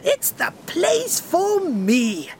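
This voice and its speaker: A woman playing a jolly excitable king. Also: very high-pitched, extremely slow, slight background noise, voice pushed up, heavily acted. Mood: delighted. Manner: bouncy, exclamatory.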